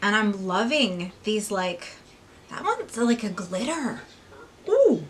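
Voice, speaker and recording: A woman beauty vlogger unboxing and swatching makeup, gushing and excitable, now and then dropping to a hushed whisper. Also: medium pitch, slow.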